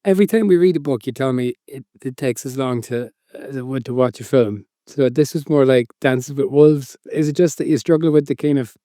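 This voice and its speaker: A man's voice: medium pitch, brisk, few pauses, warm tone, dry recording, clean studio sound. A man co-hosting a podcast in casual chat, sheepish and dryly self-deprecating. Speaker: podcast co-host.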